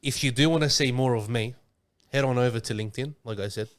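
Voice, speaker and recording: Give me a playful young man with an average pitch, bragging jokingly in casual chat. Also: quick pace. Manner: playful, laughs often, mock-boastful. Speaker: podcast guest co-host.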